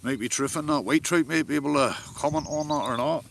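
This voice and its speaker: A man's voice: on the high side, brisk, creaky, fairly bright tone, slight background noise. A man with a Northern Irish accent live-streaming outdoors while fishing, chatting casually, swearing often and answering his viewers' comments. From Northern Ireland.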